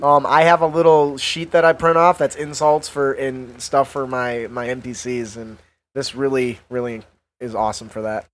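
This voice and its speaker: A man hosting a casual tabletop game podcast, rambling with fillers and quick laughs. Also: mid-range voice, steady tone, a little hiss or hum. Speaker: podcast host.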